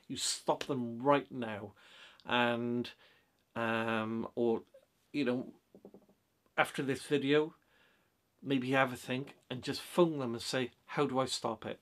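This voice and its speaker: A man's voice: mid-range voice, a bit bright. Blunt, rambling man. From Britain. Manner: blunt, rambling, with many fillers and restarts. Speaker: vlogger. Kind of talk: casual advice monologue.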